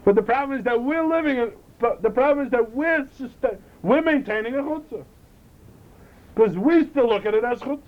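A man teaching a Chassidic lecture, animated, often repeating and restarting his phrases. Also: very high voice, a little fast. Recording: dull lo-fi recording with faint noise.

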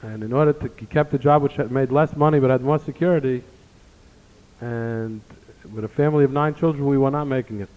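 A man's voice: mid-range voice, a little fast. A man giving an earnest sermon, telling stories and weaving in Hebrew phrases. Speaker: rabbi giving a talk. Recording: tinny phone-like sound in a reverberant hall.

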